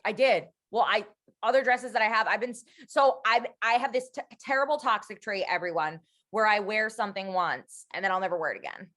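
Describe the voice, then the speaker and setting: A young woman co-hosting a laid-back podcast, telling stories with lots of energy. She chats casually, bouncing between tales and quick asides, with an ordinary mid-range voice. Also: medium pitch. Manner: animated storyteller, slips into playful voices. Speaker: podcast co-host. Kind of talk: casual chat.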